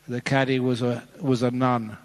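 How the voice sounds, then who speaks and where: Chuckling monk telling jokes in a hall. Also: male voice, medium pitch, little pitch movement, moderate pace. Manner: playful, chuckling storyteller. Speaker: Buddhist monk. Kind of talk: dharma talk with jokes. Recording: long hall reverb.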